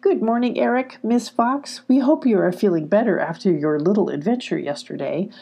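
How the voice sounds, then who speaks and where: A woman's voice: mid-range voice, animated, moderate pace, creaky, dark tone, husky. A woman voicing Molly, a polite and somewhat fussy female animal in a storybook. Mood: cheery.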